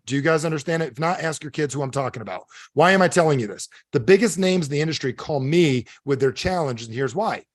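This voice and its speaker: A man with a somewhat high voice giving a live motivational seminar talk. He speaks emphatically and animatedly and keeps checking in with his listeners through questions. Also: dry recording, studio quality. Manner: animated, keeps quizzing the audience; emphatic, storytelling.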